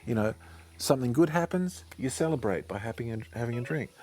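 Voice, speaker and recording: A man telling a personal story in a monologue, often halting and repeating himself. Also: medium pitch, expressive, darkish tone, soft background music. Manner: halting, repeats words and restarts sentences.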